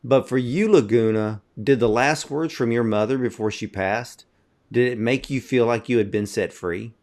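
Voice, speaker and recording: A man interviews a filmmaker and his subject, his voice sitting in a middle pitch. He talks in a thoughtful, measured way and affirms what his guests say. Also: a little mellow. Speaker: interviewer, film show host. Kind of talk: interview questions and comments.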